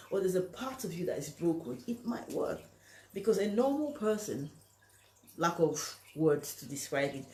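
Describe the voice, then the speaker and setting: This woman's voice sits on the low side and has a warm tone. Addressing the camera in an echoey room, she offers relationship advice emphatically, performs other people's lines, and checks in with "you understand?"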